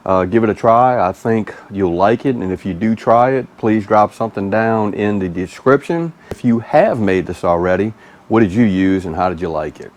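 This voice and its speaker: Folksy Southern man, lowish voice. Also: normal speed, darkish tone. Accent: Southern US, Mississippi. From Mississippi, US. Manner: folksy, easygoing, chatty. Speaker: cooking channel host. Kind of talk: casual cooking vlog.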